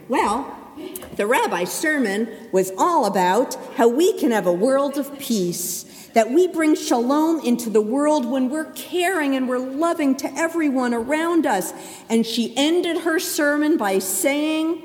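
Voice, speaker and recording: A woman narrating a children's story at a service in an expressive, animated way. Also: high voice, measured pace. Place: synagogue sanctuary. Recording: echoey hall.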